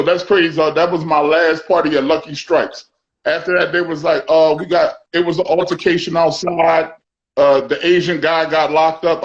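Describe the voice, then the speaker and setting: Man, host, high voice, dull lo-fi sound, animated profane storytelling. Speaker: podcast host. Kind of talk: casual storytelling chat.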